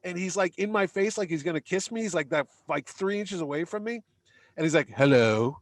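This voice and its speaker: Middle-aged man, from Connecticut, podcast guest, animated storyteller, acts out other people, slightly high voice, dry close sound. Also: a little fast, no room sound. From Connecticut, United States. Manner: animated anecdote-teller who acts out the other people in his stories. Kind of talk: casual storytelling.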